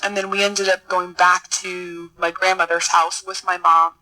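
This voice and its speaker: A middle-aged woman guest telling a personal story in an interview, earnest and halting, often repeating words as she searches for them. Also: fairly low pitch, little pitch movement, sharp tone, rough recording. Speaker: podcast guest, military officer.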